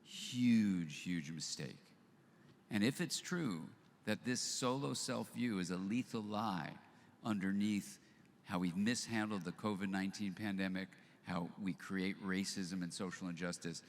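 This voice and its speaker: An older man giving a live storytelling talk to an audience, animated as he acts out both sides of remembered conversations. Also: sits low, a little slow, a little hiss or hum. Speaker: speaker at a live book launch event. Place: event venue with audience. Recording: long hall reverb, faint ambience.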